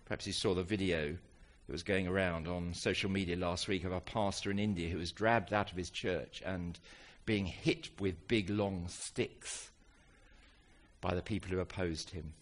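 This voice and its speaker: A man's voice: low-pitched, normal speed. A man preaching a sermon, asking the congregation rhetorical questions and reading scripture aloud. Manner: animated, asks rhetorical questions.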